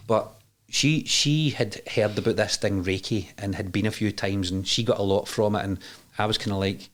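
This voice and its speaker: Candid and animated, a Scottish podcast guest in his forties recounts his story at a fairly low pitch. He's quick to laugh, restarts often, and swears now and then.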